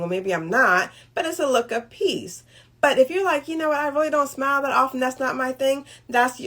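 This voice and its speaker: A woman's voice: on the high side, a bit bright. A middle-aged woman hosting a motivational talk on relationships, speaking conversationally and often checking in with "right?". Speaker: host.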